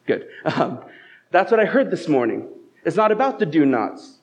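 This very animated pastor has a voice on the high side and talks at normal speed. He gives a conversational sermon at church, weaving in stories and rhetorical questions, and the lo-fi recording is dull and muffled.

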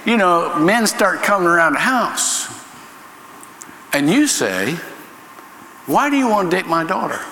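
A man's voice: medium pitch, sharp tone, slight background noise. A man preaching a sermon in an emphatic, conversational way, often repeating words. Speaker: pastor. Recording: echoey hall reverb with faint ambience.

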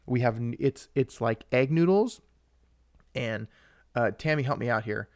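Young male podcast co-host, excitable rambler, mid-pitched, dry close sound. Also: a little slow, no room sound. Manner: rambling and excitable, with frequent restarts and asides to viewers. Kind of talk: casual live-stream chat.

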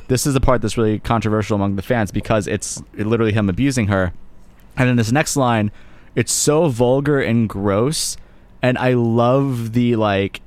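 A young man hosts a casual podcast chat, blunt and quick to swear. His voice sits in a middle pitch. The sound is dry and close, with no room echo. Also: smooth. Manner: blunt, swears, quotes lyrics with emphasis. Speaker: podcast host.

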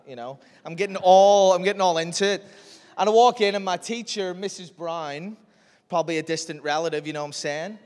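A man's voice: sits high, brisk. Jokey man in echoey hall. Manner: animated, jokey, chatty. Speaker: youth speaker. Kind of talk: storytelling talk to a young audience. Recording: echoey hall with long reverb.

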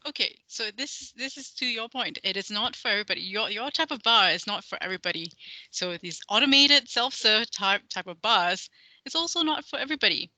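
Woman co-host on a chat podcast, super bright voice, lots of uh and restarts. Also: medium pitch, expressive, fairly quick, no room sound, low-quality recording. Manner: hesitant, many fillers and restarts, laughs it off. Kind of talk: casual chat.

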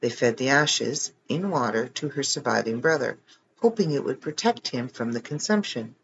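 Male reader, casual, wry asides, animated pitch, slightly muffled home recording. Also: normal speed, gravelly, a little hiss or hum. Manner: joking, reads text then adds wry comments. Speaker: reader of online articles. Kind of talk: casual reading aloud with asides.

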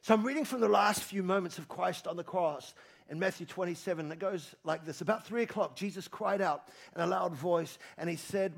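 A man preaching in a church, his voice pitched high with a gravelly, creaky edge. He repeats key phrases and swings from hushed lines to loud calls. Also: a little fast. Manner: emphatic preaching, repeats phrases, rises to shouts and drops low. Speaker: pastor. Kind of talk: sermon. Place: church hall with congregation.

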